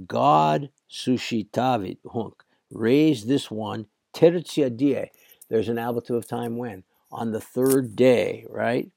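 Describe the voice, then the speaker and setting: A hoarse man gives a slow Latin lesson in a low, gravelly voice. He works through each phrase bit by bit, pausing often on fillers. The sound is dry and close. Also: dark tone, no room sound. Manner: halting, many "uh" fillers, translating line by line. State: hoarse, cracking voice. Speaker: Latin teacher.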